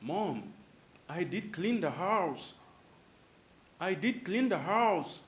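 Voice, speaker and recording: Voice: mid-range voice, expressive, slow pace, roomy sound, a little hiss or hum, pitched above the performer's own voice. A man voicing a child who insists to his mother that he did clean the house. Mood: insistent. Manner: insistent, pleading protest.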